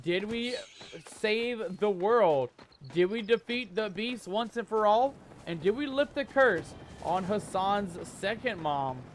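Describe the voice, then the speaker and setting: A man's voice: sits high, animated, slow, a little hiss or hum. A man commenting on his gameplay and chatting with viewers, with playful pirate-style banter. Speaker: gaming channel host.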